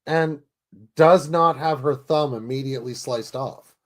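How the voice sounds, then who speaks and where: A man's voice: mid-range voice, measured pace. A man co-hosting a podcast who reacts to the story with amusement in casual chat.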